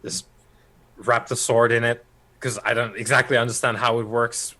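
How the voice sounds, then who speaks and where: A man playing in a tabletop game, speaking in a mid-pitched, ordinary voice. He chats casually and breaks into laughs between his remarks. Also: flat delivery, normal speed, sharp tone. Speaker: player. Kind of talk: casual chat.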